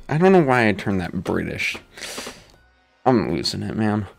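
A man's voice: lowish voice, sing-song, normal speed, gravelly, long pauses. A man casually commenting while he plays a game, laid-back and self-mocking, with mumbled asides. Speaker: gaming channel host. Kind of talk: casual let's play commentary. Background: faint game music.

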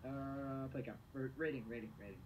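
A young man hosting a web show, chatting casually and stammering through quick restarts while he plays a game on a home mic. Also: mid-range voice, fairly even intonation, slight background noise, poor audio. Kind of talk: casual gameplay commentary. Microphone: home mic that drops in level.

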